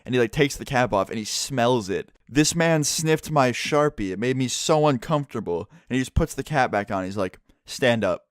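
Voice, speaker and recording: A young man telling a story in a blunt, animated way, swearing at times. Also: mid-range voice, normal speed, few pauses, dry recording, clean studio sound. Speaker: vlogger. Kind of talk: casual storytime.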